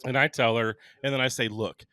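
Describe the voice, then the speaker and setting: A man's voice: medium pitch, steady tone, fairly quick, sharp tone, dry recording. A man co-hosting a podcast, chatting enthusiastically and laughing easily as he tells a story. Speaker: podcast co-host. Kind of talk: casual chat.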